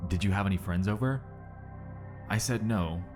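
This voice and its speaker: A man with a low, deep voice narrates a story at a steady, measured pace. A clear music bed plays underneath him throughout. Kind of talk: read-aloud story narration.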